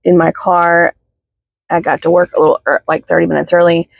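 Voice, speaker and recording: A woman, teary and sniffling, talking haltingly in a heartfelt vlog from her parked car. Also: lowish voice, little pitch movement, vocal fry. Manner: halting, many fillers and apologies. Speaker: spiritual healing vlogger. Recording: dull, dry sound inside a car.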